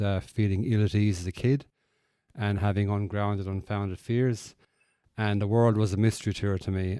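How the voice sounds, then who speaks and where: A man's voice: fairly low pitch, mellow, clear, resonant tone, no echo, studio quality. A middle-aged Irish man with an Irish accent, telling his personal story as a guest speaker in a plain, conversational way with frequent fillers. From Ireland. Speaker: guest speaker at a recovery meeting.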